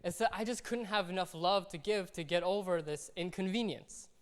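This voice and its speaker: A man's voice: high voice, moderate pace, clean tone. A man preaching a sermon in a conversational way, acting out little everyday scenes as he talks. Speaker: pastor. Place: church hall. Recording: long hall reverb.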